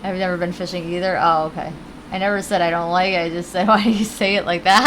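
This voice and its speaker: This Connecticut-accented streamer talks quickly while gaming, rambling, reading her chat aloud and cursing here and there. Her voice is on the low side, a bit bright, with fairly even intonation, and the low-quality recording carries slight background noise.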